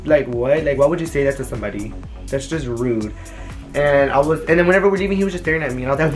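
This casual haul vlog features a young adult showing new purchases at home and telling animated, rambling stories. The mid-range voice keeps a quick pace against faint music.

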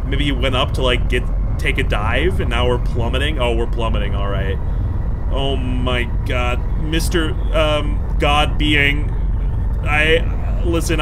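A man giving jokey, excitable commentary while playing a game, swinging from loud outbursts to hushed muttering. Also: on the high side, noisy background. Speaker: gaming video creator. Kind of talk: let's play commentary.

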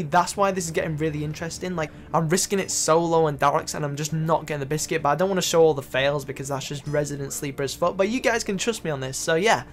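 A young man giving excitable, profanity-laced commentary over his own gameplay clips. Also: a little high. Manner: excitable, swears freely, loud exclamations. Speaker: gaming YouTuber. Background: faint background music.

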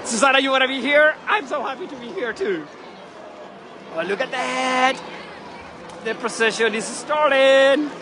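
A travel vlogger, a man with a very high-pitched voice, narrates a live vlog from an outdoor city balcony above a parade street, speaking unhurriedly and pausing often. He's gushing, excitable and chatty, while loud crowd and street noise, cheering and church bells fill the recording.

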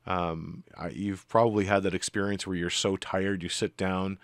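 A man narrating as game master of a tabletop game, relaxed and full of fillers. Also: sits low, normal speed, creaky, no room sound, studio quality.

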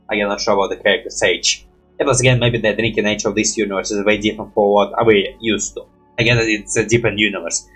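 A man's voice: fairly low pitch, a bit bright, breathy edge. A man with a slightly stuffy nose rambling casually through a reaction video, thinking aloud and swearing now and then.

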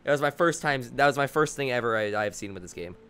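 A young man streaming a video game, commenting excitedly and rambling with frequent laughs. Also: medium pitch, fast talker. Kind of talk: gaming commentary.

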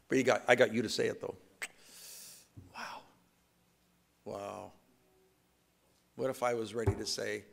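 A man pastor giving a conversational, self-deprecating sermon in a church, slipping into quick acted asides. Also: mid-range voice, vocal fry, fairly bright tone. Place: church sanctuary.

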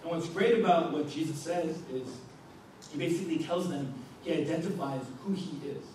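A man's voice: fairly high pitch, moderate pace, a little mellow, slight background noise. A young man preaching to a youth group, reading scripture aloud and explaining it in a conversational way, often checking in with "okay?" and "right?". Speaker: youth pastor. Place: youth ministry meeting room. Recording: echoey room from far off.

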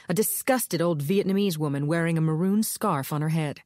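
A woman narrating a thriller audiobook in an even, steady storytelling delivery. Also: lowish voice, normal speed, hardly any pauses, no room sound, studio quality. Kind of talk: scripted narration.

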